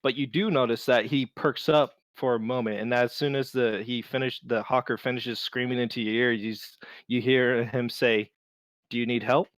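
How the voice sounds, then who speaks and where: Halting male game master, dry sound. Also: mid-range voice, fairly even intonation, fairly bright tone, no room sound. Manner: halting, many fillers and restarts. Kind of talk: narrating a tabletop game.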